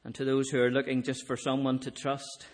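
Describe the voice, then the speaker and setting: A man preaching an evangelistic sermon, earnest, swelling to emphatic peaks and then dropping to soft, quiet appeals, closing in prayer. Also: mid-range voice, monotone, a little fast.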